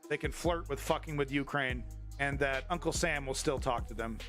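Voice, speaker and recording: A man's voice: mid-range voice, normal speed, a bit bright, faint music behind. A man hosting a casual news commentary stream, opinionated, profane and rambling.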